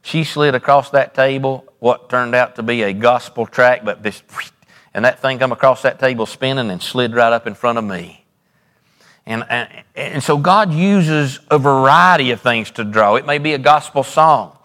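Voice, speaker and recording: A man preaches a sermon in a church sanctuary, his voice ringing out with a long hall echo. He works in repetition, swelling up, then dropping low. His pitch sits in an ordinary middle range. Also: normal speed, fairly bright tone. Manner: preacherly, repetitive, rises and drops dramatically. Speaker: pastor.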